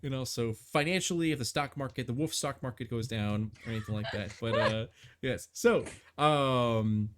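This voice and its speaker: A man's voice: medium pitch, moderate pace, noisy background. A man narrating as game master of a tabletop game on a live stream, rambling with many fillers and restarts.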